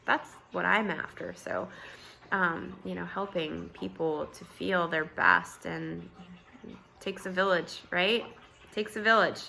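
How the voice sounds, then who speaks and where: A woman vlogger with a scratchy, just-woken voice, chatting casually at home, relaxed and rambling with fillers and soft laughs. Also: lowish voice, gravelly. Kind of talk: casual morning chat to camera.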